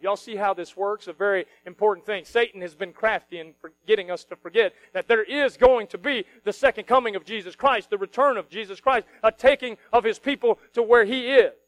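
A male pastor preaching a sermon, switching between quiet earnest stretches and loud mocking outbursts. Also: sits high, low-quality recording. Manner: animated, mocking voices of worried people, rising to shouts.

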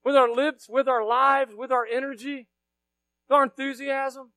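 Fiery high-voiced preacher man. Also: steady tone, normal speed, no room sound. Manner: fiery, shouting bursts then dropping low. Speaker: pastor. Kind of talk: sermon. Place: church sanctuary.

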